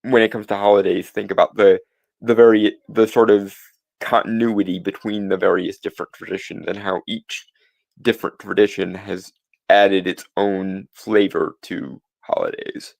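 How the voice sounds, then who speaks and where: Low gravelly guy rambling his opinions on a podcast, lots of restarts, dry close sound. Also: flat delivery, a little mellow, no room sound. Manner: musing, halting, many restarts and fillers. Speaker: podcast co-host. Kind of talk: casual opinion chat.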